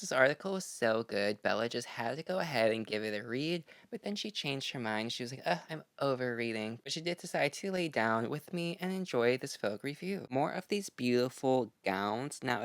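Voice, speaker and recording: Young guy flipping through a fashion mag and gushing, kinda gravelly, dry close mic. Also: medium pitch, a bit bright, no room sound. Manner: chatty, gushing, playful asides. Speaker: fashion vlogger. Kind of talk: casual magazine review vlog.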